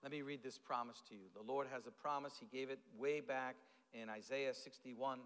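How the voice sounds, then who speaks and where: A man preaching a sermon as pastor, telling stories in an animated way with lots of fillers and restarts. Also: mid-range voice, normal speed, clear, resonant tone, big-room sound. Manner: animated storytelling with fillers and repeated starts.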